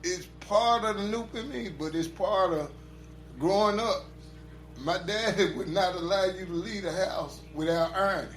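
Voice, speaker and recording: A man's voice: high-pitched, moderate pace, a bit bright, a little hiss or hum. Laid-back man telling stories, echoey room. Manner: laid-back storytelling, laughs often. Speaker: podcast co-host. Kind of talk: casual chat.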